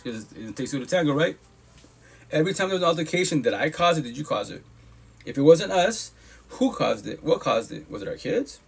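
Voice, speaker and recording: Fast-talking husky man giving blunt advice. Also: mid-range voice. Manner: blunt, profane, repetitive, fast and emphatic. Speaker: live podcast host. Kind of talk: casual heartfelt advice talk.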